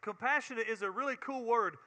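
A man's voice: extremely high pitch, brisk, bright, forceful tone, in a large hall. A man with a Southern US accent teaching a Bible sermon in an earnest way, often repeating words and building to emphatic preaching.

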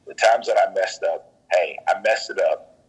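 A man's voice: deep voice, normal speed, husky, low-quality recording. A man in casual faith talk, earnest and preachy, often repeating his words as he goes.

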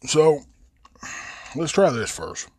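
Slow and husky, his voice leans high and darkish, with big swings in pitch and no room sound. This West Virginia podcast host rambles and curses freely in a casual profane monologue, his Southern Appalachian drawl stretching vowels into a close mic.

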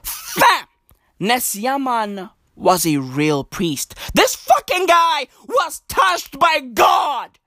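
High, animated woman ranting with profane slang. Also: slow, no echo, studio quality. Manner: loud, profane and slangy, often shouting. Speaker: podcaster. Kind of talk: comedic rant.

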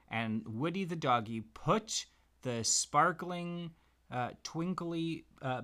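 A man gently making up a bedtime story for his child, pausing as he thinks of what comes next. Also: mid-range voice. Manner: gentle, unhurried, makes the tale up as he goes. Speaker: parent telling a story.

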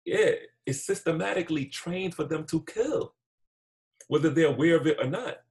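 Man, gravelly voice, stammers, repeats words, earnest, podcast talk. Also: fairly high pitch, moderate pace, a little mellow. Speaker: podcast co-host. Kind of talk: heated podcast conversation.

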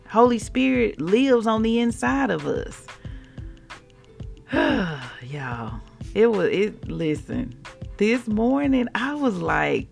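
A woman hosting a devotional faith podcast, talking in an animated, expressive way and acting out what people say. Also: medium pitch, measured pace, creaky, soft background music. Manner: animated, expressive, acts out quotes. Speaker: podcast host.

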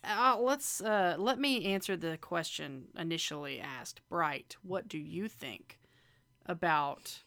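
A woman chats casually as a co-host, with a bright, sharp tone. She talks freely, full of fillers, and laughs often. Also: lowish voice, lively intonation, slow, gravelly, slight background noise. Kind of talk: casual chat.

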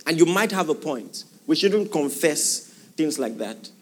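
Male preacher, animated sermon delivery, high and very expressive pitch. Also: a little slow. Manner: animated preaching, rhetorical questions to the congregation. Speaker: pastor.

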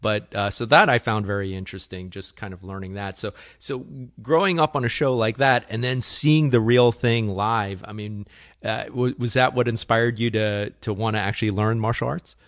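A man's voice: fairly low pitch, normal speed, a bit bright, dry recording, clean studio sound. A man interviewing a guest, asking friendly questions with some hesitation.

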